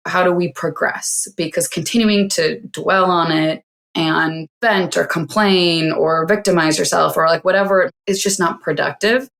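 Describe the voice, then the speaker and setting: A woman's voice: lowish voice, fairly even intonation, a little slow, vocal fry, fairly bright tone. A woman in her forties, a tech CEO, giving practical advice in a reflective, casual way as a podcast guest. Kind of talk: casual interview chat.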